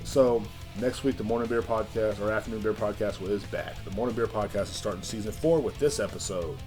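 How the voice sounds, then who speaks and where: Brash, profane man, low voice. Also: a little fast, music in the background. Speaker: podcast host. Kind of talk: casual rant podcast.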